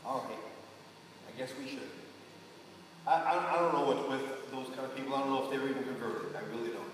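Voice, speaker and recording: A man's voice: mid-range voice, brisk, noisy background. Man rambling through a Bible lesson. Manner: rambling and conversational, with restarts and asides. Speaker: Bible study leader. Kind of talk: informal Bible teaching. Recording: echoey hall from far off.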